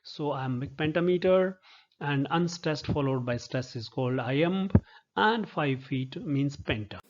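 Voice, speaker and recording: Hesitant lecturer, lo-fi. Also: male voice, a little high, animated, unhurried. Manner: patient, explanatory, frequent hesitant fillers. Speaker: literature professor. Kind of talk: recorded lecture. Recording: dull lo-fi recording.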